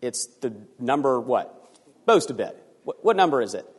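A man preaching a sermon as pastor, animated and sometimes acting out voices for emphasis. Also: medium pitch, normal speed, breathy edge, big-room sound.

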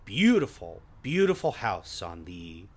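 A man's voice: low voice, measured pace, breathy edge. A man runs a casual podcast guessing game. His voice rises and falls a lot as he teases his co-hosts and laughs at his own stories. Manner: animated, teasing, laughs while telling stories. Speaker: host.

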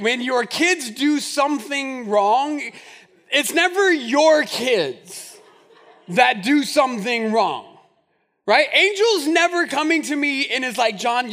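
A man in his thirties preaching a sermon in a church, animated and jokey, acting out the people in the scripture. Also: very high voice. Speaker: pastor.

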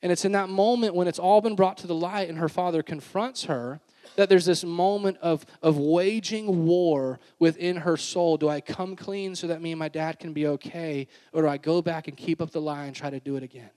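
A man in his thirties preaching a sermon, telling a family story with laughter and dropping to a hushed, earnest tone. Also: fairly high pitch, fairly even intonation, normal speed. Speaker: pastor. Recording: long hall reverb.

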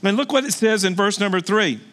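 A man, a pastor, preaching a sermon as lively storytelling with exclamations and asides. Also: high voice, brisk. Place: indoors.

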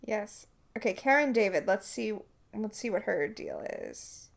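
A woman co-hosting a podcast, recapping a TV episode in a quick, chatty way with playful asides. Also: mid-range voice, expressive, gravelly. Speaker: podcast co-host. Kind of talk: casual chat recapping a TV episode.

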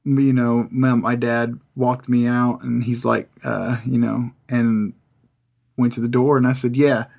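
A man of ordinary pitch tells a story from his school days in a relaxed, profane way. He talks loosely, with friendly filler, as he chats with a fellow host. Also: a little slow, gravelly. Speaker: podcast guest co-host. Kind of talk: casual chat.

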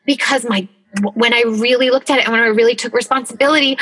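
A woman's voice: a little high, steady tone, quick pace, sharp tone, rough recording. A woman co-hosting a podcast, talking in a candid, emotional way, full of filler words and swearing freely, recorded from a closet. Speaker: podcast co-host. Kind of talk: casual conversation.

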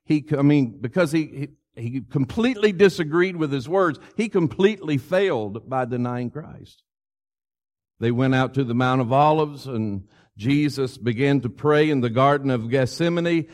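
Man preaching a conversational sermon. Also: a little high. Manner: storytelling, retelling scripture in a conversational tone.

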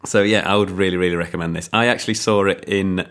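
Deep-voiced guy chatting about films on a podcast, rambly, lots of ums. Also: fairly even intonation, fast, fairly bright tone. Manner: rambling, enthusiastic, frequent ums. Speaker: podcast film reviewer. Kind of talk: casual chat.

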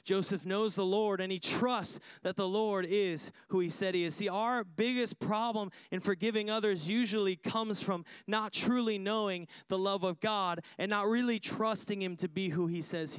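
A man's voice: high voice, smooth, dry recording. A man preaching a sermon, emphatic, repeating phrases for effect and putting questions to his listeners. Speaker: pastor.

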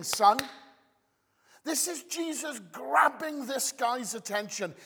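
Lively high-voiced male preacher in a hall. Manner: expressive, conversational preaching to a congregation. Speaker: pastor. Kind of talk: sermon. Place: church.

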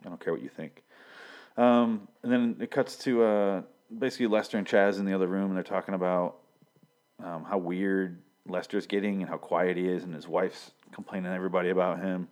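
A man's voice: sits low, fairly even intonation, a little fast, darkish tone. A young man from Michigan casually recapping a TV episode, rambling with lots of fillers and swearing as he quotes scenes. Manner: rambling, profane, many fillers, quoting scenes. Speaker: TV episode reviewer.

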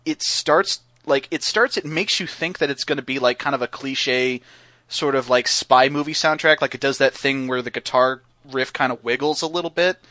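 A man's voice: medium pitch, moderate pace, pushed and bright, no echo. A man chatting casually on a podcast, rambling with lots of fillers and restarts. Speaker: podcast guest co-host.

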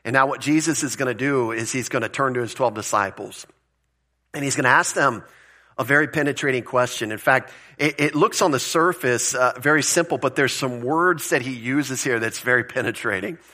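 A man's voice: mid-range voice, fairly quick, pushed and bright. A male pastor giving a conversational sermon, explaining word meanings and asking rhetorical questions, with the odd chuckle.

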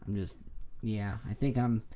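A man's voice: fairly low pitch, steady tone, unhurried, dark tone. A tired man co-hosting a casual podcast, talking in a laid-back, mumbling way. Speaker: podcast co-host. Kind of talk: casual chat.

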